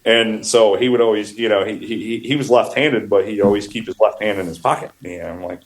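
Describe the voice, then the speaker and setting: A man's voice: on the low side, steady tone, a little fast, poor audio. A man from upstate New York, a flooring contractor, telling rambling work stories in casual podcast talk, laughing often and restarting his phrases. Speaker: wood flooring contractor guest.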